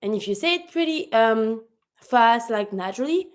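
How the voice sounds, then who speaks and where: A woman, a native French speaker, teaching a pronunciation lesson in English, repeating example words slowly and patiently. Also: fairly high pitch, expressive. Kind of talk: language lesson explaining pronunciation.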